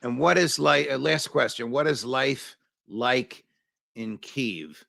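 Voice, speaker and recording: A male interview host with a gravelly, bright edge to his voice. He probes his guest with searching questions, stopping often to restart his sentences. The sound is dry and close to the mic. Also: medium pitch, no echo. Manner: probing, pauses with fillers and restarts. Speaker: show host.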